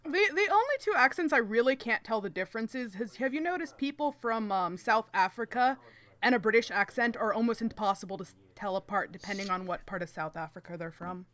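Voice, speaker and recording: A woman's voice: a little high, animated, a little fast, fairly bright tone. A young woman in casual chat, telling anecdotes and laughing often. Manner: chatty, storytelling, laughs often.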